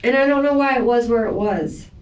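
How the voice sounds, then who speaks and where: A woman's voice: fairly high pitch, a little fast, a little mellow, distant mic. A woman under police questioning, talking in a rambling, defensive way as she vents. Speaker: suspect in police interview. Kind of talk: police interrogation. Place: police interview room. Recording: echoey room, voice from afar.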